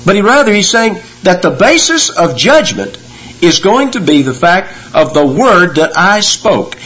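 A man preaching a sermon, explaining scripture verse by verse and rising in pitch and force on key words. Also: very animated, measured pace, a bit bright, breathy edge, low-quality recording. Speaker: pastor.

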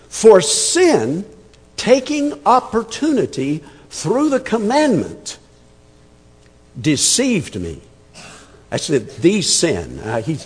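A man's voice: on the high side, a little mellow, husky, in a large hall. A man preaching an expository sermon, emphatic and conversational, repeating words as he thinks. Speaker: pastor.

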